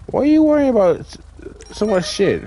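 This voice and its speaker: A man putting on a high, squeaky voice for a dismissive girlfriend who scolds him rapidly. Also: sing-song, noisy background. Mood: exasperated. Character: shrill nagging woman, dismissive girlfriend.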